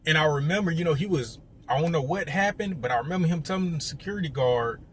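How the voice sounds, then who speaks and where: A man's voice: a little high, animated, fast, a bit bright, slight background noise. A young man telling a story straight to his viewers in a casual, conversational way, often talking to them directly. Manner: conversational, addresses viewers directly, many fillers.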